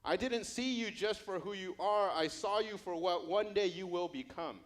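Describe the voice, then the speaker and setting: A man's voice: high-pitched, normal speed, pitched above the performer's own voice, close to an everyday voice. Man voicing Jesus, earnest and searching. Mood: urgent. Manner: searching repeated questions, swelling to urgent. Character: Jesus, earnest teacher pleading with his disciple.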